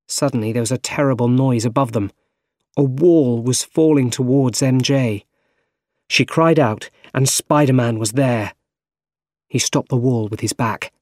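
A man reading a simple story aloud, slow, careful and plain. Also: medium pitch, a little mellow, dry recording, studio quality. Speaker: narrator. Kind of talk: scripted narration of a graded reader.

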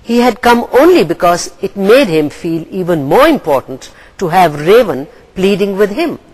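A woman from Pakistan, an English lecturer reading a story aloud and then going over comprehension questions in a deliberate, expressive way. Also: mid-range voice, slightly rough, rough recording.

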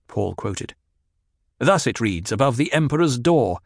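A man narrating an audiobook in a steady, even reading. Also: fairly low pitch, measured pace, vocal fry, no echo, clean studio sound. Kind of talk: scripted narration.

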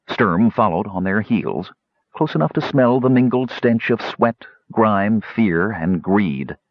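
A man narrates an audiobook with a low, husky voice that moves up and down expressively. He reads slowly and dramatically. The recording is dry and a little muffled. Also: dry recording. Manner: measured, dramatic.

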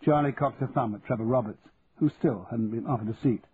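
A man narrating an audiobook in a measured storytelling manner. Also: mid-range voice, breathy edge, no room sound. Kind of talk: scripted narration. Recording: tinny lo-fi audio with faint hiss.

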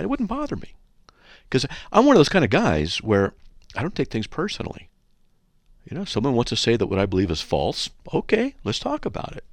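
Man, radio talk host, blunt and joking, lively swooping delivery, dry studio sound. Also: on the low side, dry recording. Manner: animated, joking, blunt and argumentative.

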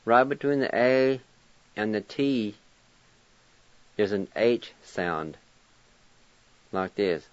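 A man with a lowish voice teaches pronunciation at a very slow, careful pace, spelling each word out one letter at a time. He sounds patient and encouraging, and the recording is dry and a little dull, like an old radio studio. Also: lively intonation, dry recording. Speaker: language teacher and radio host.

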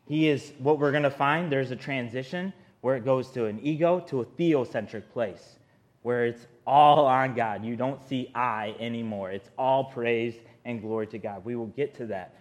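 A man's voice: medium pitch, moderate pace. A man preaching a sermon in an earnest, conversational way, often speaking straight to his listeners.

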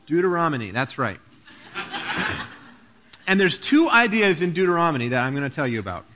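Lively pastor giving a children's sermon. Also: male voice, on the high side, normal speed, a little hiss or hum. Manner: playful, asks kids questions.

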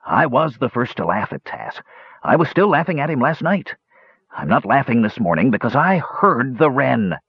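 A man's voice: medium pitch, big pitch swings, moderate pace, husky, dry recording, pitched above the performer's own voice. A man doing an earnest, insistent young warrior. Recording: dull lo-fi recording.

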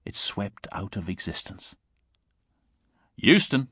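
A man reading a short story aloud in a measured, steady narrating voice. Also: deep voice, no echo, studio quality. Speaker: reader.

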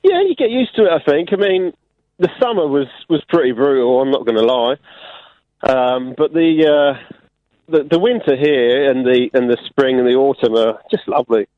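An English man calling in to a radio show, his accent drifting toward Australian. He talks haltingly with a mid pitch, and the sound is a dry, tinny phone line. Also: expressive, no room sound. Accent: English with an Australian lilt. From England. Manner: hesitant, repeats words. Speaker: caller.

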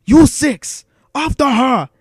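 A man's voice: fairly high pitch, moderate pace, dry recording, lightly acted. Nute Gunray, a man doing a blustering alien viceroy. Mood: enraged. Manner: blustering, orders shouted in rising anger. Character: scheming alien male viceroy, blustering and arrogant.

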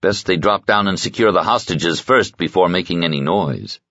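A steady soldier-bodyguard reports in a plain, matter-of-fact way. A man narrating an audiobook voices him. He sits a bit above the reader's deep voice. The dry, slightly muffled recording has no room sound. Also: normal speed, no echo.

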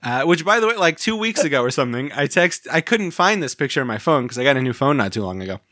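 A man's voice: mid-range voice, sing-song, fast, bright, forceful tone, dry recording. Podcast guy rambling and cracking himself up, dead dry close mic sound. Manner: laughs often, rambling and self-amused. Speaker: podcast co-host. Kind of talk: casual podcast chat.

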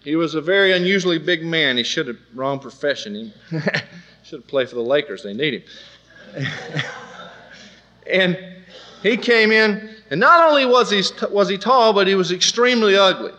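A man tells a testimony in sermon style, animated and acting out the voices of other people. His voice is fairly high and bright. The delivery has a forceful edge. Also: moderate pace, pauses often, a little hiss or hum. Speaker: preacher telling a testimony. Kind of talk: storytelling sermon.

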